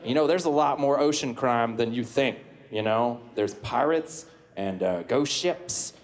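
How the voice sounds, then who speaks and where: Roasting in character on a comedy club stage, a man voices a flamboyant southern superhero of the sea with a sassy Southern US drawl and folksy sayings. He speaks at medium pitch, a little slowly, his voice pushed down and lightly acted. The room is echoey and the crowd laughs.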